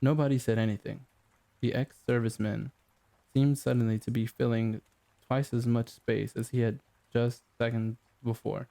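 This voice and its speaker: A man reading a novel aloud as an audiobook narrator, in a measured, even delivery. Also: medium pitch, gravelly. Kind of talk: scripted narration.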